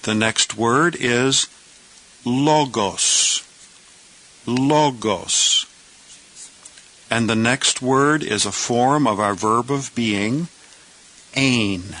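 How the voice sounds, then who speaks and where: A man teaching Greek letters, who asks questions and answers them himself in a slow, step-by-step lesson. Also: mid-range voice, sharp tone, poor audio.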